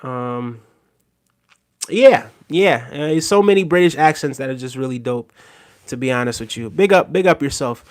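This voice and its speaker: Male livestream host, middle pitch, casual rambling talk, lots of fillers and repeated "right?". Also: lively intonation, moderate pace. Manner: repeats himself, asks "right?" often, many fillers. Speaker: livestream host reading viewer comments.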